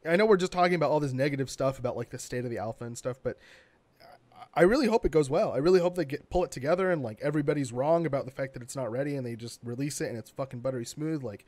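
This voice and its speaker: A man's voice: medium pitch, rapid-fire, a little mellow. A young man co-hosting a casual gaming podcast, blunt and sarcastic, swearing freely. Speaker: podcast co-host. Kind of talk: casual gaming news chat.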